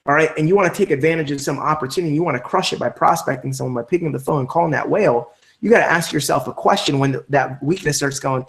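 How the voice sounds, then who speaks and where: A man leading a live online training session for network marketers, talking in an energetic, emphatic coaching way. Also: mid-range voice, quick pace.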